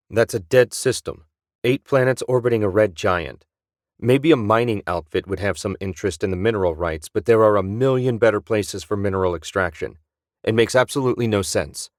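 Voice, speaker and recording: A man's voice: on the low side, no room sound, clean studio sound, natural voice. A man playing a blunt, skeptical ship technician.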